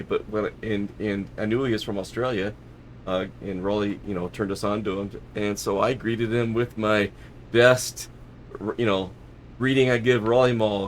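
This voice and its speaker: A man's voice: fairly low pitch, a little hiss or hum. A man hosting a live stream, chatting casually and rambling as he flies a flight simulator, often correcting himself and laughing.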